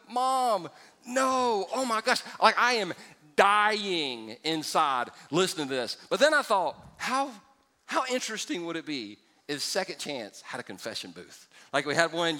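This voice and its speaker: Pastor, male, bright and fairly high voice, animated sermon delivery with acted bits, big reverberant hall. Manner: animated storytelling, acts out voices, joking asides.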